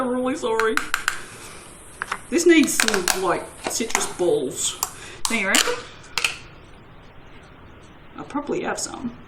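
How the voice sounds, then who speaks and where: A chatty woman talking casually to her viewers while she makes soap, mocking herself and often breaking into laughter. Her voice sits at an ordinary pitch for a woman. A faint hiss of background noise runs under the recording. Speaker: soap-making channel host. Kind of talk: casual chat while crafting.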